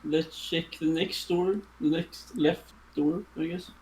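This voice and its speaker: A man's voice: on the high side, steady tone, takes it slowly, a little mellow, poor audio. A young man playing his character in a tabletop game, talking casually and hesitantly. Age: young adult. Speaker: player.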